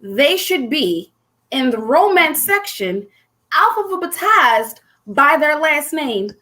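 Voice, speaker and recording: A woman in her forties hosting a casual chat, telling stories in a bubbly, excited way. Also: sits high, slow pace. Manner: bubbly, animated storyteller. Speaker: host.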